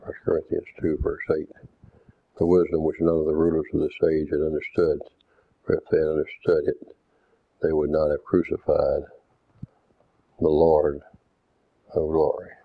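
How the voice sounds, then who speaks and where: Very deep flat-voiced man preaching. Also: creaky, no echo. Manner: deliberate, didactic, reads verses aloud. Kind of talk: doctrinal sermon with scripture readings. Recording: tinny phone-like dry sound.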